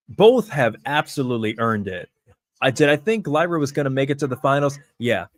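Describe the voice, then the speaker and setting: A man reacting live to a wrestling show, chatting to viewers and calling the action play by play like an excitable fan. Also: mid-range voice, dry recording, studio quality.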